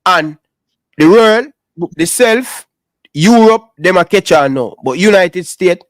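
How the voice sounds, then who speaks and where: A man's voice: sits high, expressive, slow, no echo, clean studio sound. A man with a Jamaican accent hosting a live call-in sports talk show, talking in patois and calling people brother. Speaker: show host.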